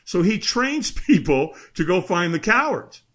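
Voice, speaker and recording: Middle-aged male podcast guest, animated storyteller, high-ish husky voice. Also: unhurried. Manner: lively, acts out voices in his story.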